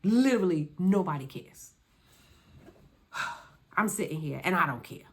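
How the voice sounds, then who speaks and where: A woman's voice: lowish voice, lively intonation, unhurried, slightly rough. A woman reviewing a reality show in a sassy, dismissive, repetitive way, speaking. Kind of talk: casual commentary.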